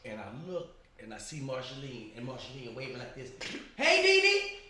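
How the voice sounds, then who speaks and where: A man hosting a casual chat, telling a story with lively, high-pitched acted quotes. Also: brisk, far from the mic. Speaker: host. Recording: echoey room, voice a bit off the mic.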